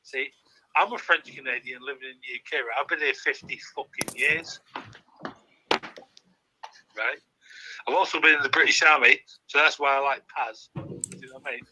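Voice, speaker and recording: A man's voice: mid-range voice, fairly even intonation, moderate pace, long pauses, background noise. A man calling in on his phone, rambling and swearing in casual chat, often asking if he is understood. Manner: rambling, swearing, keeps asking "do you know what I mean". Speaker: caller.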